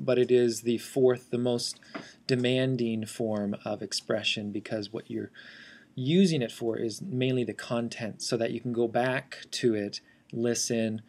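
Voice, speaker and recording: A man walks through a software tutorial as an instructor. His voice sits at a middle pitch, and he explains each step in a steady, teacherly manner. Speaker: assistive technology instructor. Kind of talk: instructional screencast walkthrough.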